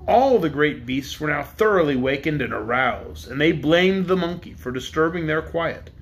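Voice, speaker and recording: A man narrating a children's storybook in a steady, measured reading. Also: a little high. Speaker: audiobook narrator.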